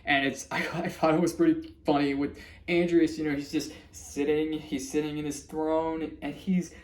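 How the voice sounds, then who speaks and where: A man's voice: on the high side, little pitch movement, moderate pace, a little mellow. A man talks through a cartoon episode in a loose, casual recap. He rambles, circles back and restarts his sentences, laughing now and then as he goes. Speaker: vlogger reviewing a cartoon episode.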